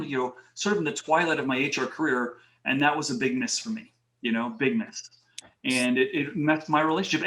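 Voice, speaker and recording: Animated middle-aged man in a roomy space. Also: medium pitch. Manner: animated, acts out quoted dialogue, many "you know" fillers. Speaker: HR and talent advisor, interview guest. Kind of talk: casual interview storytelling. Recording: roomy echo.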